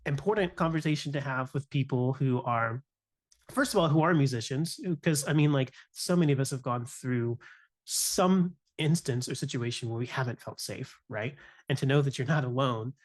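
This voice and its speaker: A mid-range voice at a normal pace belongs to a young male music teacher. He's reflecting with sincerity in a frank podcast conversation, regularly tossing in "right?" and "you know."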